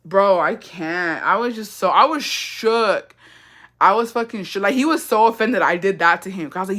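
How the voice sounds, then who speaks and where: A young Texan woman tells a story during a casual indoor livestream, speaking at normal speed in a mid-range, fairly bright voice. Her delivery is blunt, with heavy swearing and Spanish phrases.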